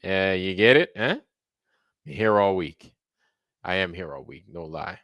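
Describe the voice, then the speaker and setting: A man's voice: deep voice, lively intonation, unhurried, dry recording, highs cut off. A tired man hosting a casual late-night livestream, rambling and joking, with swearing and slang. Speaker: livestream host.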